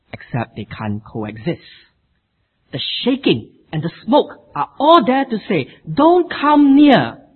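Male preacher: husky, lively rising delivery, lo-fi phone-line sound. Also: a little high. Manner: expressive, emphatic delivery with dramatic rises. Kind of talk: sermon.

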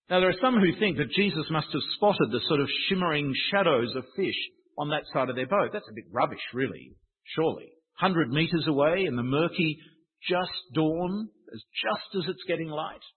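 A man's voice: fairly high pitch, very animated, moderate pace, slightly rough. A man preaching a sermon in a conversational, wry, self-deprecating manner. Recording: tinny phone-like sound.

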